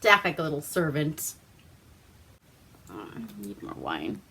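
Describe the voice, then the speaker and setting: Slow-talking chatty woman. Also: deep voice, wildly swooping pitch, gravelly, noisy background. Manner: loose and chatty, heavy "like" fillers and swearing. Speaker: vlogger reviewing a movie. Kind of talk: casual retelling of a movie plot. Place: at home drinking wine.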